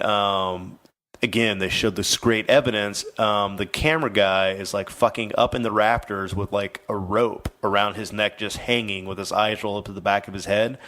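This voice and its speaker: A man's voice: on the low side, a bit bright. A man co-hosting a podcast, recounting a paranormal case in a rambling, casual way with lots of fillers and swearing. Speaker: podcast host. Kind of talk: casual storytelling podcast chat.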